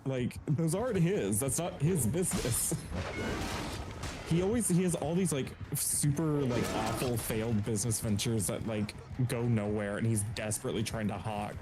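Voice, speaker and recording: A man's voice: mid-range voice, moderate pace, music in the background. A man co-hosting a live stream, rambling casually with lots of fillers and hesitations. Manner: rambling, full of "like" and "um". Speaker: co-host. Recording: noisy background.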